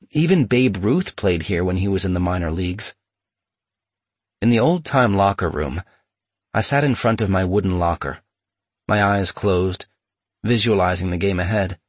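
Male memoir narrator, measured and steady, dry close read. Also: sits low, no echo.

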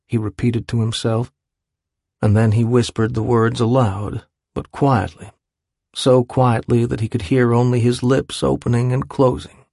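A man reads a literary novel aloud with steady, measured narration. His voice is husky and sits at a middle pitch. The sound is dry and close, with no room echo. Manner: measured, even storytelling delivery. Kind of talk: scripted audiobook narration.

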